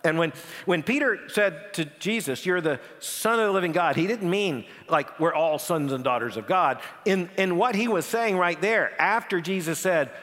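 Male preacher, lively delivery, somewhat high voice, long church reverb. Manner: animated, dramatic pauses, repeats words when emphasizing. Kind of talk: sermon.

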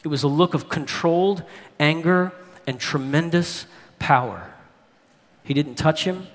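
A man's voice: a little high, measured pace, voice pushed down, close to an everyday voice. A man reading as a chatty young boy, echoing hall. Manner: chatty, plain-spoken storytelling. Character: young boy chatting in a letter to his uncle. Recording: long hall reverb.

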